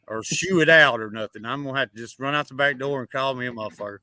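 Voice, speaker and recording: A man's voice: mid-range voice, fast, bright, forceful tone, no room sound. A man from North Carolina telling folksy, profane stories in a casual podcast chat. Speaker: podcast participant.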